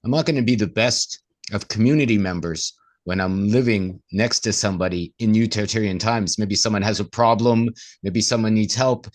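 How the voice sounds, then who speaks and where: A man's voice: fairly low pitch, moderate pace. A man, co-host of a casual discussion, who often acts out inner voices in quoted asides.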